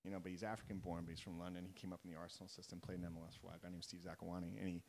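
A man's voice: deep voice, rapid-fire, gravelly, a little hiss or hum. A man in his thirties, a youth soccer coach, chatting casually and acting out quotes as he tells stories. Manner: animated storyteller, acts out quotes. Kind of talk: casual podcast chat.

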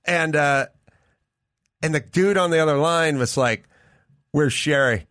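A man, a guest comedian, chatting casually and telling an animated anecdote, acting out the voices of the people in it. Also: on the high side, a little slow, dry recording, studio quality. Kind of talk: casual chat storytelling.

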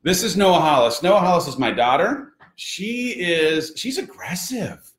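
A man's voice: a little high, big pitch swings, measured pace, reverberant. A man hosting a playful morning show at home with his little daughter, using a goofy announcer manner. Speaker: host.

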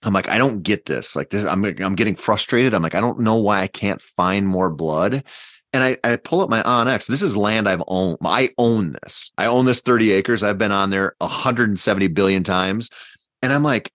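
Man, lowish voice, rambling, animated storytelling, casual chat, dull dry mic. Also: moderate pace, no room sound. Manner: rambling, animated, many fillers and restarts. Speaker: podcast guest hunter.

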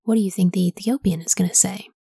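A woman reads scripture in a breathy, mellow hush and stops often to pose gentle questions to her listeners. Her whispered Bible reading sits close and dry, with no room sound at all. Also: mid-range voice, fairly even intonation, fast talker, dry recording. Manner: soft, whispery, asks reflective questions. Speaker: Bible podcast host.

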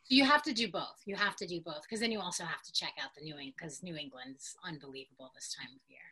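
A woman's voice: lowish voice, quick pace, pushed and bright, husky. A woman guesting on a podcast, chatting casually and enthusiastically, often trailing off mid-sentence. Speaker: podcast guest, online class teacher.

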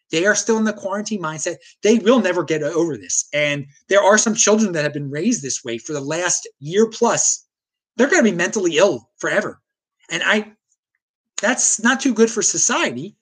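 A man's voice: high-pitched, animated, moderate pace, a bit bright, breathy edge. A man hosting a livestream, ranting heatedly and often restarting his sentences as he reacts to viewer chat. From United States. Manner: heated, combative, with frequent stammered restarts. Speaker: host.

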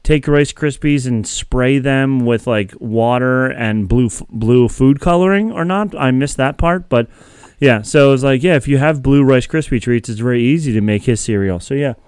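A man hosting a podcast talks through the episode in a loose, rambling way, laughing often as he goes. His voice comes through smooth and resonant, recorded dry and close with no room sound. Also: medium pitch, normal speed, darkish tone, dry recording. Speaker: podcast host. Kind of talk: casual podcast chat.

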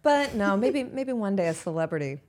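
A young woman in her twenties, a podcast guest chatting casually in a bubbly, expressive way full of fillers. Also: medium pitch, a little fast. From Pittsburgh, USA. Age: 20s. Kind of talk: casual chat.

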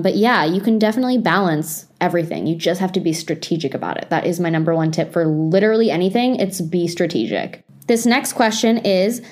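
A woman's voice: medium pitch, darkish tone. Chatty young woman giving advice. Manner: chatty, lots of "like" fillers, self-aware. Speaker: lifestyle vlogger. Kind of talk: casual advice talk to camera.

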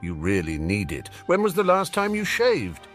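A man's voice: on the low side, huge pitch swings, moderate pace, faint music behind. A man voicing a sarcastic, cheeky teenage boy wizard in a storybook reading, teasing and mock-dramatic. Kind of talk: audiobook character reading.

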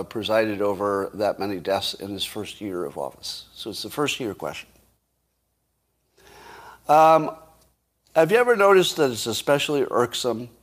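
A man hosts a casual solo commentary, thinking out loud at an easy pace. He tosses rhetorical questions to his listeners and breaks into wry chuckles along the way. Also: fairly low pitch.

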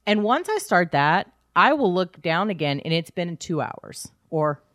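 A woman in her thirties co-hosts a podcast, chatting casually and candidly with self-deprecating humor and frequent laughs. Her fairly low voice is very animated, unhurried and fairly bright, with echo-free studio quality.

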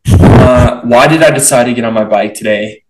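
A young man hosting a podcast, animated and chatty, acting out his own thoughts. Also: medium pitch, moderate pace. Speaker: podcast host. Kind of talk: casual conversational interview. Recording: roomy, distant from the mic.

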